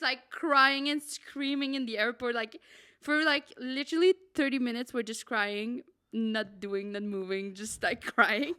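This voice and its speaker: Young woman podcaster, excitable, kinda high voice, says like constantly. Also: clean tone. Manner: dramatic and excitable, says "like" a lot. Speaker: podcast co-host. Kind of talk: casual storytelling.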